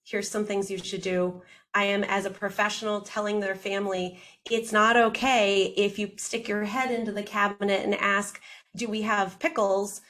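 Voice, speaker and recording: A woman audiologist talking in a casual interview, lively and quick, acting out what her patients say. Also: mid-range voice. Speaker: audiologist guest.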